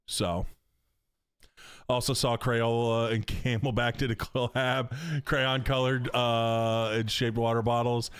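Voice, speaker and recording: A man's voice: mid-range voice, level tone, slow, a bit bright, clean tone. A middle-aged man from North Carolina, chatting casually and joking with viewers on a gaming stream. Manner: chatty, joking, slangy, reads chat aloud. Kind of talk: casual live-stream chat.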